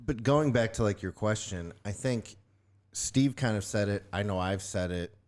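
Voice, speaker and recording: A man co-hosting a podcast, chatting casually and telling stories in an animated way into a studio microphone. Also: on the low side, normal speed. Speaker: podcast co-host. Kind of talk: casual chat.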